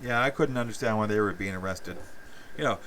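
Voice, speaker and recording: Low-voiced man ranting, distant from mic. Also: a little fast, a bit bright, slight background noise. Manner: profane, rambling, many fillers and restarts. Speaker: live stream host. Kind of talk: rambling live-stream monologue, reading chat.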